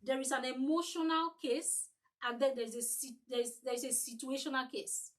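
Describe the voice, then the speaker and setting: High-voiced woman leading a sales training. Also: fairly even intonation, normal speed, poor audio. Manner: emphatic, repeats points, acts out sample customer-service lines. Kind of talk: online training session.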